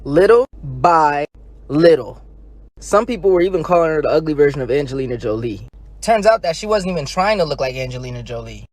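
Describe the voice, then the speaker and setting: A man's voice: fairly high pitch, animated, fast talker. Man narrating a short video offhandedly.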